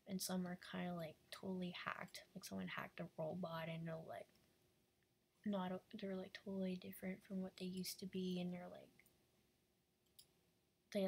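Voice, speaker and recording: A woman's voice: fairly low pitch, vocal fry, breathy edge. A woman chatting casually and rambling while she draws live, full of fillers and often dropping into a half-whisper. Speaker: animator drawing live.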